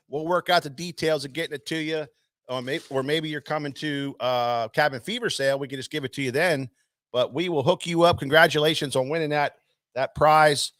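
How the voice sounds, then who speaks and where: A man's voice: a little high, fairly bright tone, no echo, studio quality. A man hosting a live fishing tackle show, calling out viewers by name with lots of energy and loose filler words. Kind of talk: casual live-stream hosting.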